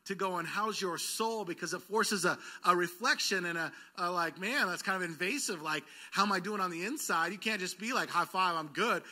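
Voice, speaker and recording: Male pastor, slightly high, very bright voice, lively sermon delivery with call-and-response. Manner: engaging the congregation for call-and-response; lively, quick bursts then slowed words. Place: church sanctuary.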